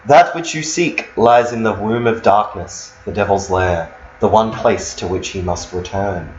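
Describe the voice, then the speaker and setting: A man voicing a mysterious fortune teller woman, reading her card prophecy slowly and solemnly at a game table. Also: fairly low pitch, roomy sound, close to an everyday voice. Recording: dull lo-fi sound, faint noise.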